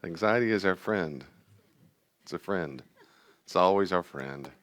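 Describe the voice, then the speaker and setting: Man, very low voice, counselor teaching a room, emphatic, repeats himself, takes audience questions. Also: unhurried. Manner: animated, emphatic, repeats key phrases. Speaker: counselor teaching a class on anxiety. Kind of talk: live class talk with audience questions. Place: meeting room with live audience and online viewers.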